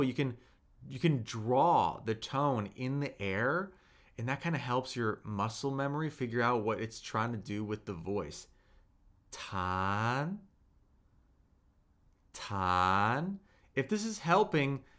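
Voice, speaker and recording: Patient man teaching tones, slow and lively. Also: mid-range voice. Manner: patient, repeats each point slowly, models tones aloud. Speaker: Mandarin teacher. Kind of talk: live-streamed language lesson.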